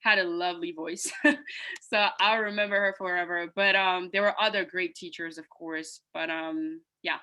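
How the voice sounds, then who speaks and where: A woman speaking English as a second language, sharing her college experience on a panel in a soft, hesitant way with many fillers. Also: fairly low pitch, fairly even intonation, normal speed, rough recording. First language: not English. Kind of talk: casual personal account. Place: video call.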